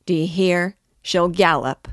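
A drunken, cruel peasant man bellows his words in a storybook reading, as a woman narrator puts him on. The voice stays low and unhurried under the shouting, recorded dry and close. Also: no room sound, close to an everyday voice. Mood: shouting drunkenly. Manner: shouting, louder and a bit higher than her narration. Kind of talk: audiobook reading.

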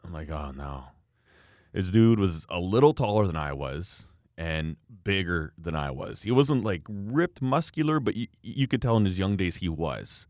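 A man's voice: deep voice, expressive, normal speed, a little mellow, no echo, studio quality. A man in his thirties telling a story in casual chat, laughing often and acting out quotes.

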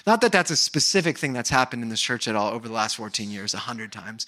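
A man preaching a sermon as pastor of a church, lively and conversational, acting out short bits of dialogue and dropping from loud emphasis to hushed asides. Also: medium pitch, very fast, few pauses. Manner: animated, acts out dialogue, swings between loud and hushed.

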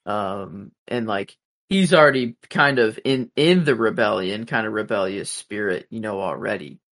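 A man co-hosting a casual podcast, speculating about a TV show in a halting way full of filler words. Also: fairly low pitch, a bit bright. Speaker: podcast co-host. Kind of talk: casual TV recap chat.

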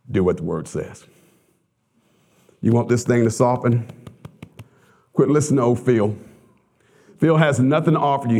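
A man preaching a sermon as pastor, telling stories with laughter and sudden high excited outbursts.

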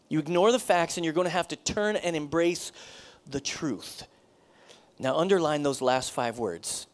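A man, a pastor, preaching a sermon in a conversational, animated way, often repeating himself. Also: sits high, normal speed.

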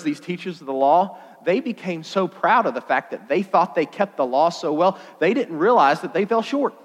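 A man giving a sermon to a young crowd, animated and jokey, with sudden loud bursts of emphasis. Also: high-pitched. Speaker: youth pastor. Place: church hall. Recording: long hall reverb.

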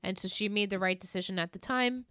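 A woman co-hosting a podcast in casual chat, recapping scenes with animated retellings. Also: mid-range voice, fast, smooth, dry recording, clean studio sound. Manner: animated retelling, acts out quoted lines in exaggerated voices. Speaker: podcast co-host.

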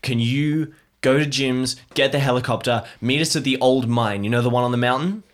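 A man plays an eager young conspiracy theorist pressing for a plan. His voice sits at a middling pitch and he talks with urgency. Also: a little fast, natural voice. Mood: urgent. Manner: urgent, pushy.

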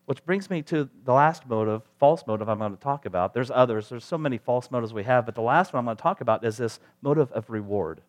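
A man's voice: medium pitch, fast talker, hardly any pauses. A man preaching a sermon in a conversational way, asking rhetorical questions and acting out little quoted voices.

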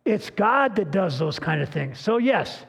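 An older male pastor preaches in a folksy, earnest manner, stopping to restart his words as he tells stories. His voice sits fairly high for a man and has a gravelly, husky grain. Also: sing-song, unhurried, fairly bright tone. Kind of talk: sermon with personal storytelling.

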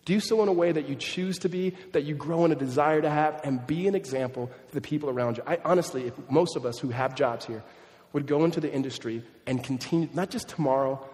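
A pastor around thirty preaching a sermon in a conversational, animated way, mixing in humorous family stories. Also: male voice, a little high, quick pace, big-room sound.

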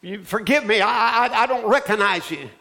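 Man voicing a rabbi, a man, very high voice, bright and forceful, earnest puzzled questions, retold church story. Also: normal speed, creaky, full character voice. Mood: astonished. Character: rabbi, a man moved and astonished.

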